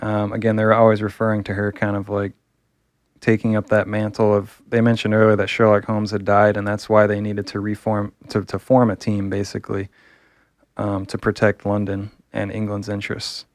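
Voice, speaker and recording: A man's voice: on the low side, completely flat delivery, moderate pace, no room sound, studio quality. A man reviewing a comic book, talking casually and enthusiastically, rambling with fillers.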